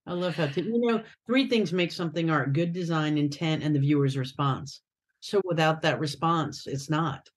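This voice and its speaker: A woman's voice: sits low, moderate pace, breathy edge. A woman guest artist chatting casually in an interview, rambling and often restarting her sentences.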